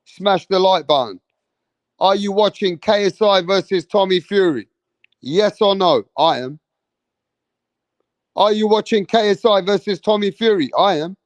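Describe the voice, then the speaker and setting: Young guy hosting a live chat, high voice, swears a lot, super dry sound. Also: unhurried, pauses often, no room sound. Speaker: livestream host.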